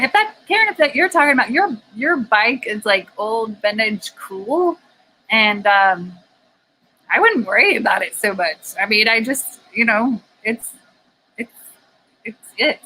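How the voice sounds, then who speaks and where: A woman's voice: mid-range voice, sharp tone, slight background noise, low-quality recording. A woman co-hosting a casual live stream from a garage, rambling and laughing often as she talks about motorcycles. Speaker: co-host. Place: home garage.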